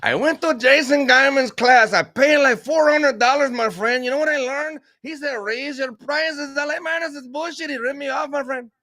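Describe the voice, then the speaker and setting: Guy putting on a high squeaky crew worker, fake foreign accent, whiny, feels ripped off. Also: moderate pace, few pauses, sharp tone. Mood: griping.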